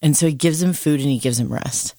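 A podcast co-host in a casual faith discussion who explains things thoughtfully and at length, with quick asides. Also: medium pitch, dark tone, no room sound, studio quality.

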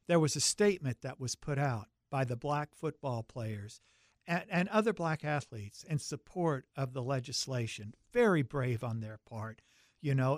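A man's voice: mid-range voice, no room sound, studio quality. An older man from the American South with a Southern accent, telling his life story in an oral history interview, reflective and given to restarts.

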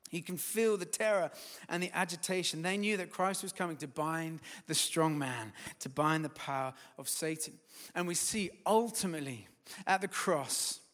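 A man delivers a sermon in a bright, forceful voice. He swells to loud, emphatic peaks, then sinks to quiet, firm words. A long hall reverb trails behind him. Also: on the high side. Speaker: preacher.

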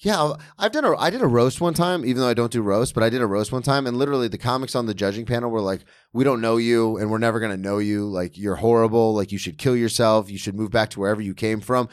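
A man's voice: mid-range voice, quick pace, few pauses, smooth, no room sound, clean studio sound. A man hosting a casual podcast, blunt and sarcastic, swearing often. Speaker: podcast host.

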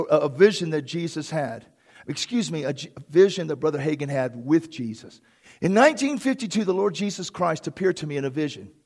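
Man, pastor, fervent sermon, high voice, husky. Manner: fervent preaching, bursts into shouts. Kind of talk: sermon reading a story aloud.

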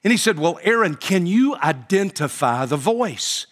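A male pastor delivers a sermon in a slightly higher-than-average voice. He tells his story with frequent pauses and "uh"s, then builds to emphatic, rising quoted lines. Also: very animated.

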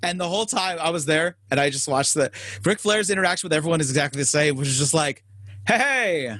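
Man, higher voice, hesitant rambling storyteller, close and dry. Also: fast talker, fairly bright tone, dry recording. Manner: rambling, hesitant, laughs at own stories. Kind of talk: casual storytelling chat.

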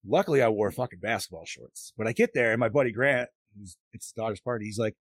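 Swearing liberally and performing characters' lines, a man in his late thirties spins animated stories while hosting a podcast. He speaks fast, his voice on the low side, with no room sound.

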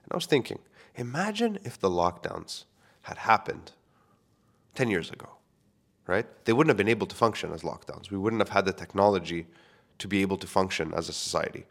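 A man's voice: low-pitched, lively intonation, a little fast, creaky. A man in his thirties hosting a solo podcast, talking in a candid, rambling, self-questioning way and swearing casually. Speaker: podcast host.

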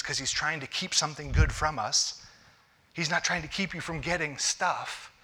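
Male pastor, sermon delivery, very bright tone, slightly high voice, conversational with restarts. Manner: conversational preaching with repeated restarts.

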